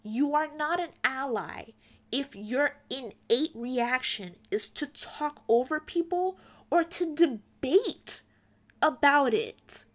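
Slow, earnest young woman lecturing. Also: high voice, expressive. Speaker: commentary vlogger. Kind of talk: opinion commentary to camera.

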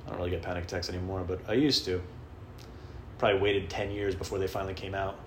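A man telling rambling, profane stories in a casual comedic monologue, often mimicking people in high squeaky voices. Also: little pitch movement, fast talker, a little hiss or hum. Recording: echoey room, faint background.

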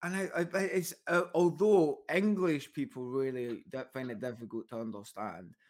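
A man's voice: mid-range voice, normal speed, a little mellow. Scottish man in casual podcast chat. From Scotland. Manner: rambling, self-mocking storytelling with frequent restarts. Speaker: guest comedian.

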